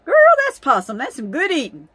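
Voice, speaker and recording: A woman voicing her teasing old grandfather in a loud, goading way. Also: high voice, big pitch swings, a little fast, slightly rough, dry recording, exaggerated voice.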